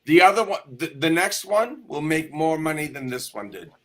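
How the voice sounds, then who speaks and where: A man's voice: fairly high pitch, sing-song, normal speed, fairly bright tone. A man chatting as a guest on a talk show, hesitating with many fillers. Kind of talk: casual chat.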